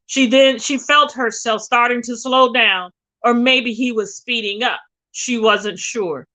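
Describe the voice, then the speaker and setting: A woman reads a suspense novel aloud with dramatic, expressive delivery. Her voice is bright and tense and sits a little high for a woman. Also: measured pace, rough recording. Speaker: reader.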